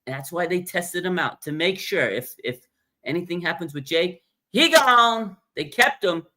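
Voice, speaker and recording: A man's voice: high voice, lively intonation, normal speed, pushed and bright. A man hosting a casual fan livestream, talking bluntly and with animation, reading viewer comments aloud and reacting to them. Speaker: livestream host.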